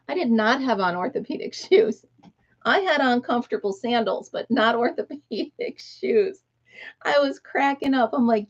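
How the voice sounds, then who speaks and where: A woman's voice: fairly high pitch, expressive, normal speed, lo-fi sound. A middle-aged woman from the United States hosting a casual livestream chat, talking easily, laughing often and greeting viewers by name. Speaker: livestream host.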